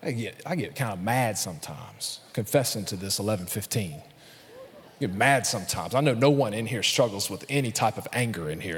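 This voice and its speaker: A male pastor preaching a sermon to his congregation, building up to loud, emphatic calls and addressing the crowd directly. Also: mid-range voice. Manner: preaching with rising intensity, calling out to the congregation. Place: large church hall. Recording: reverberant church hall.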